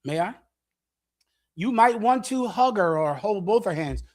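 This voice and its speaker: A middle-aged man preaching bluntly to young listeners, lecturing and swinging between loud and hushed delivery. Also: sits high, expressive, normal speed. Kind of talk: street sermon with audience questions.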